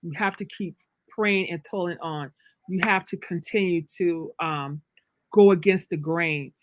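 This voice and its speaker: A woman's voice: fairly low pitch, measured pace. A woman author being interviewed, telling her story in an emphatic, preacherly way with big swings of energy. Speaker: author, guest. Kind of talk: casual livestream interview.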